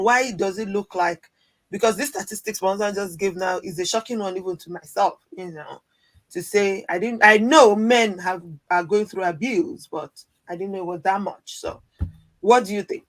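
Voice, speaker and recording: A man's voice: high-pitched, no echo. A man hosting a podcast and asking his guests questions. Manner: questioning, leads the talk. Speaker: podcast host. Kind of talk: podcast discussion.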